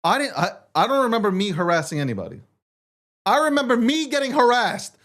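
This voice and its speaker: A man's voice: very high voice, wildly swooping pitch, a little fast, a bit bright. Heated, swearing man ranting on his show. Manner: profane, combative, heated rant; reads social media posts aloud and argues back. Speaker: show host. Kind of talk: ranting crypto talk show monologue.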